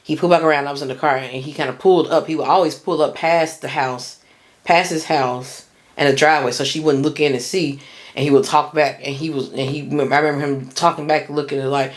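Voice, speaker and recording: A woman's voice: deep voice, steady tone, fairly quick. Woman rambling through a personal story. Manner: rambling, full of fillers and restarts, slangy.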